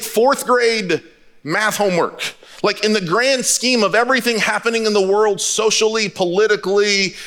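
A man's voice: high-pitched, pushed and bright. A middle-aged man from the United States, a pastor preaching a sermon in a candid, storytelling way. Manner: candid storytelling, conversational with repetitions.

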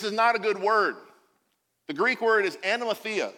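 Pastor guy in his 40s preaching, jokey and animated, bright voice, big hall echo. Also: high voice, moderate pace. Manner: animated, jokey, acts out quotes. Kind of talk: sermon.

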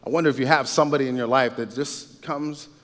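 In a large hall, a man gives a faith-based talk in a casual sermon style. His mid-range voice holds a steady tone and is a bit bright, and he speaks fast. He is conversational, repeats himself, and often turns aside to address his listeners.

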